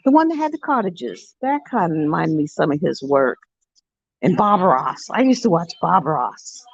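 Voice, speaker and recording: A woman's voice: fairly low pitch, very animated, moderate pace, creaky, no echo. A woman hosting a live stream, talking in a rambling, chatty way. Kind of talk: casual live-stream chat. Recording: dull, dry lo-fi sound.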